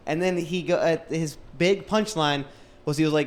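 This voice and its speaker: Male co-host, a bit high-pitched, blunt and profane. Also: moderate pace. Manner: blunt and profane, laughing along. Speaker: podcast co-host. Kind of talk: casual podcast chat.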